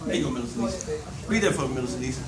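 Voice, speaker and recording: An older man, preaching an animated call-and-response sermon, shouting, laughing and teasing his congregation. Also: mid-range voice, very fast. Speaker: bishop preaching. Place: church sanctuary. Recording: echoey church sanctuary, mic at a distance.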